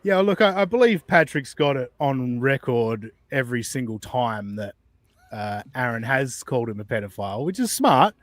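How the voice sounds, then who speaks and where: A man's voice: mid-range voice, lively intonation, normal speed, dry recording. A man hosting a podcast, casually reacting to clips, chatty, swearing and incredulous. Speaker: podcast host.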